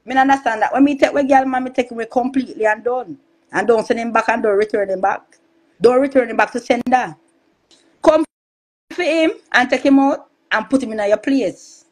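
A Jamaican woman in a heated live-stream rant, loud, cursing and taunting, repeating her insults again and again. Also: fairly high pitch, fairly quick, poor audio.

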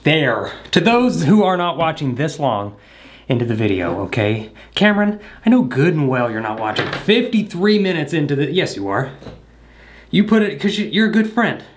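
A man's voice: fairly high pitch, sing-song, moderate pace, a little hiss or hum. Rambling, joking man vlogging at home. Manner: hesitant, many ums, jokey asides. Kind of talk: casual rambling chat. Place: at his house.

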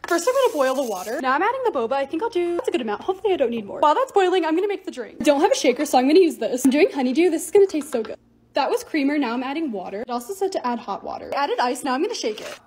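A woman's voice: sits high, big pitch swings, racing, darkish tone, a little hiss or hum. A young woman narrating her home projects and shopping hauls in a chatty, bubbly vlog voice-over. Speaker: lifestyle vlogger.

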